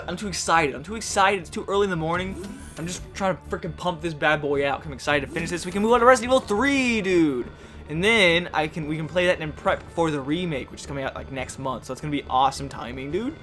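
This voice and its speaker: A young man doing rambling, joking commentary while playing a video game, often yelling at it. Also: a little high, fast, faint music behind. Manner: goofy, rambling, yells and jokes at the game. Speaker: gaming YouTuber. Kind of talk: let's play commentary.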